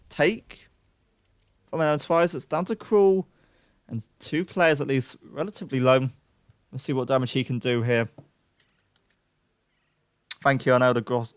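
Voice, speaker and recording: Young guy casting a shooter match live, fairly high voice, excitable, jokes at himself. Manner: excitable, self-mocking asides to chat. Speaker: esports caster. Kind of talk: live play-by-play commentary.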